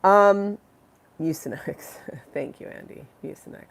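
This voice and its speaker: Low-voiced congested woman chatting live. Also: a little slow, vocal fry. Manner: rambling, giggly, reads chat aloud. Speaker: livestream host. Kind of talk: casual live-stream chat.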